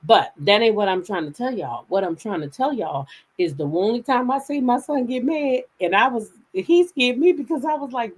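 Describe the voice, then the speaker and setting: Woman, gossip channel host, lively pitch, casual and profane storytelling. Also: breathy edge. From United States. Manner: animated, profane, quick jumps into loud high quoted voices. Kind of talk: casual storytelling to live chat.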